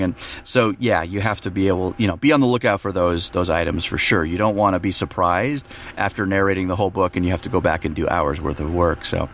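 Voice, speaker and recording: A man who narrates audiobooks, talking in a relaxed podcast chat and explaining his process with fillers and restarts. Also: low voice, quick pace, few pauses.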